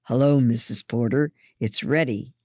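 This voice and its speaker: A woman's voice: a bass voice, normal speed, a little mellow, slightly rough, dry recording, studio quality. A woman reading aloud and voicing a serious grown man who speaks urgently in a storybook. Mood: greeting.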